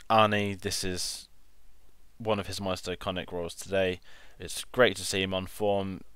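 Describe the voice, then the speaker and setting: A man co-hosting a casual film review chat, enthusiastic and halting, repeating words. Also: deep voice, little pitch movement, a bit bright, clean tone, dry recording. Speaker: film club co-host.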